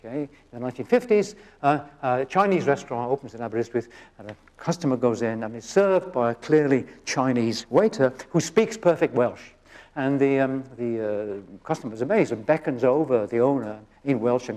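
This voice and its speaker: Older male professor for a public science talk, loose and conversational, his pitch swinging widely. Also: expressive, brisk, darkish tone. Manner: conversational, with frequent restarts and "okay?" checks. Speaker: genetics professor giving a public lecture.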